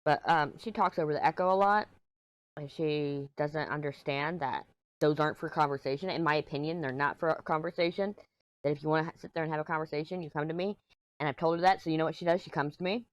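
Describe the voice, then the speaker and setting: A woman's voice: deep voice, fairly even intonation, fast talker, dry recording. A woman vlogger chatting casually from a small room at home, rambling and sounding agitated as she vents. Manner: rambling and agitated, venting frustration. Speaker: crafting vlogger.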